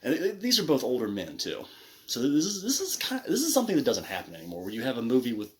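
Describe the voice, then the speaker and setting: A man's voice: medium pitch, wildly swooping pitch, fast talker. Rambling man reviewing a film. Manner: rambling, with many restarts and asides. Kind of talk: casual movie review commentary.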